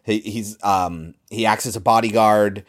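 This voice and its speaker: A man's voice: on the low side, fairly even intonation, measured pace. A man co-hosting a podcast, casually explaining film plot points and laughing along. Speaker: podcast co-host.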